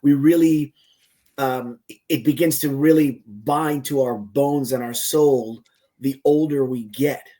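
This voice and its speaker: A man hosting a podcast interview, his voice in an average pitch. He muses reflectively and drifts into chatty asides. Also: steady tone, unhurried, warm tone. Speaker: host.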